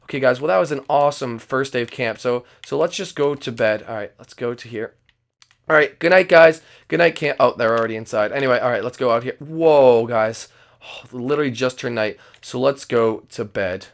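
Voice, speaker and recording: A man hosting and playing the lead in a game role-play, excitable and yelpy. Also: medium pitch, a little fast, vocal fry. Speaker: role-play host and narrator.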